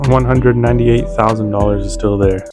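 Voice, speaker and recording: A man's voice: lowish voice, steady tone, normal speed. A young man giving casual, slangy reaction commentary, blunt and swearing freely. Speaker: video reactor host. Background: music.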